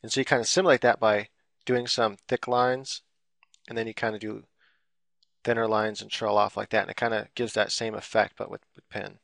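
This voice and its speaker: A man's voice: on the low side, little pitch movement, fairly quick, creaky, a bit bright, no room sound, studio quality. A man giving a casual, rambling drawing tutorial while he works on screen, full of fillers and loose explanations. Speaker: drawing instructor.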